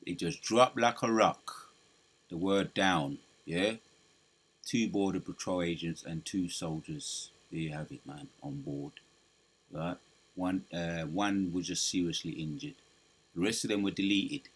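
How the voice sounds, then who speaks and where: A man's voice: low-pitched, steady tone, measured pace, breathy edge. A man giving preaching commentary over news clips, emphatic and quoting scripture aloud. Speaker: religious commentator.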